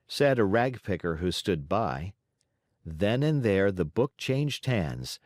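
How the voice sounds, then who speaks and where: A man narrating a classic children's story as an audiobook, in an expressive, varied delivery. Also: lowish voice, unhurried, no room sound, studio quality.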